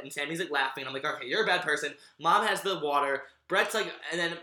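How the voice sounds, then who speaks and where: A man's voice: fairly high pitch, quick pace, pushed and bright, echoey room. A young man co-hosting a casual sibling podcast, rambling through a story and laughing at himself. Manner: rambling, self-deprecating, laughs often. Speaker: podcast co-host.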